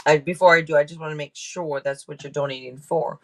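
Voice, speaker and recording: A woman's voice: sits low, steady tone, fairly quick. A woman hosting a tarot live stream, talking casually with viewers, thanking donors and restarting her sentences as she goes. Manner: chatty, thanks donors and checks in with chat, trails off and restarts. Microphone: camera mic.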